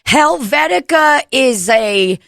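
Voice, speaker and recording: A woman's voice: high voice, lively intonation, slow, gravelly, a bit bright, no echo, clean studio sound. A woman co-hosting a comedy podcast, rambling crudely and laughing often. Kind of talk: casual comedic chat. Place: home room podcast setup.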